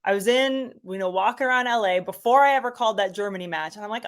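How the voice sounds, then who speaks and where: A woman's voice: mid-range voice, fast talker, hardly any pauses. A middle-aged woman, a soccer commentator, chatting enthusiastically as a guest with lots of fillers. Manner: enthusiastic, animated, many fillers. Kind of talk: casual interview chat.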